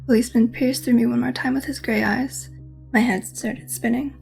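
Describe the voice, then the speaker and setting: A woman's voice: a little high, fairly even intonation, normal speed, creaky, darkish tone. A woman gaming host reading a visual novel aloud, mixing dramatic reading with casual asides. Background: faint game music.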